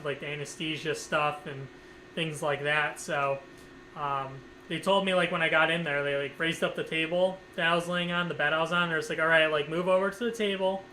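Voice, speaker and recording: A man's voice: on the high side, bright, forceful tone, a little hiss or hum, poor audio. A man telling a personal story in a casual, rambling way, with lots of filler words and swearing. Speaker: streamer.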